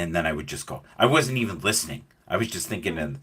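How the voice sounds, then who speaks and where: A middle-aged man with a low, husky voice hosts a casual chat, talking fast with few pauses. He tells stories animatedly, performing the voices of the people he quotes.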